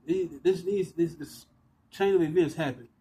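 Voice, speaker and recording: Guy ranting on his phone outside, high voice, swearing a lot and going in circles, bit of noise behind. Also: moderate pace, mellow, low-quality recording. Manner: agitated, profane and repetitive. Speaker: vlogger ranting to camera. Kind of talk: rambling outdoor rant. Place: outdoors by walls and concrete.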